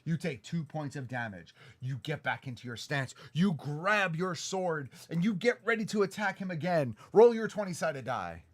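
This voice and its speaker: Dad as dungeon master, animated and playful, dramatic storyteller. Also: male voice, fairly high pitch, moderate pace, hardly any pauses. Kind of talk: narrating a tabletop game for his child.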